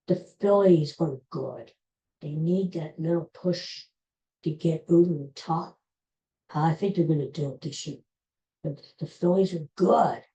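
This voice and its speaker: A man's voice: on the high side, mellow, rough recording. An older man hosting his own podcast, chatting casually in a rambling, opinionated way and often repeating himself. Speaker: podcast host. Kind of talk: casual solo podcast chat.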